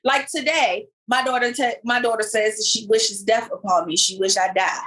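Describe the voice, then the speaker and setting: A woman's voice: a little high, normal speed, low-quality recording. A woman co-hosting a podcast in casual chat, animatedly retelling what others said. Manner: animated storyteller, retells clips with quoted voices. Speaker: podcast co-host.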